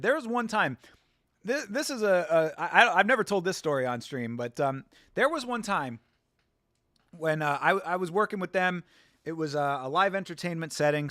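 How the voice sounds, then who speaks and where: A chatty man hosts a fight watch-along stream, reading chat aloud in a fairly high, slightly bright voice. He rambles through casual chat and stories, restarting and laughing along the way. The recording is dry.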